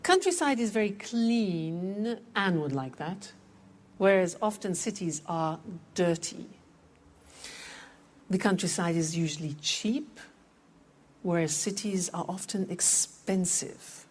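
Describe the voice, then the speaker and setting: A woman teaching English in a scripted lesson, explaining clearly and patiently and repeating words for practice. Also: fairly low pitch, expressive, slow.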